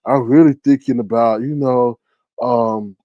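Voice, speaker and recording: A man's voice: mid-range voice, steady tone, unhurried, no room sound, muffled recording, pitched below the performer's own voice, close to an everyday voice. A man mimicking a weary woman streamer who rambles hesitantly with fillers. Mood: complaining.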